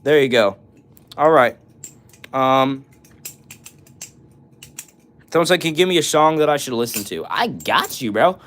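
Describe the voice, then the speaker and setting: A man's voice: medium pitch, measured pace, long pauses, fairly bright tone. A young man hosting a casual livestream, reading chat comments aloud and breaking into short bits of songs. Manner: laid-back, answers chat and breaks into short song bits. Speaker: livestream host.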